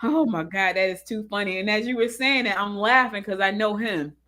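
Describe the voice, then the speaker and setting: A woman's voice: mid-range voice, brisk. A woman hosting a talk show, chatting casually and telling stories with lots of laughter. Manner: laughing, animated storytelling. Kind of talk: casual chat.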